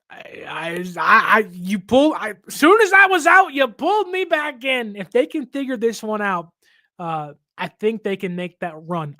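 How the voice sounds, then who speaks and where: An excitable sports podcast host talking through a game preview in a dry, close-miked voice. The delivery is casual and keen, with stammered restarts, and the pitch sits in a middle range. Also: no room sound.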